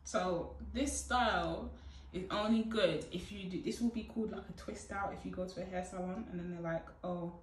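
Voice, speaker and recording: A woman's voice: lowish voice, moderate pace. Young woman, casual tutorial chat, playful, far from the mic in an echoey room. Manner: chatty, playful, bursts of loud whoops. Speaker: hair tutorial vlogger. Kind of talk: casual how-to chat to camera.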